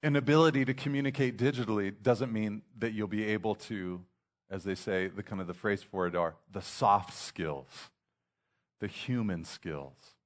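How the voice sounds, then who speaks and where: A man delivers a sermon in a relaxed, conversational manner. His voice sits on the lower side, and he often backs up and restarts mid-sentence. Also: normal speed. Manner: conversational preaching with frequent restarts and acted asides. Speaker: pastor.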